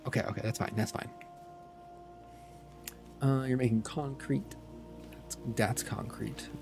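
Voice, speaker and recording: A man's voice: medium pitch, fairly even intonation, a little slow, gravelly, over music. A man streaming a factory-building game, muttering to himself with playful asides. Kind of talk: casual gameplay commentary.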